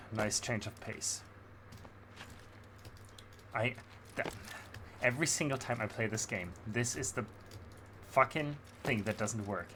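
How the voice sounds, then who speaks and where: A man's voice: medium pitch, bright, forceful tone, a little hiss or hum. A man streaming a video game, rambling in passionate, opinionated casual commentary. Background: game music.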